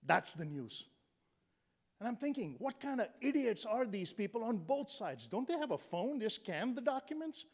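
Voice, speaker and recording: High-voiced man in his sixties, punchy speaker. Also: very animated, normal speed. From India. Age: 60s. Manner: punchy, joking, rhetorical questions. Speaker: motivational speaker. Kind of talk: humorous motivational speech.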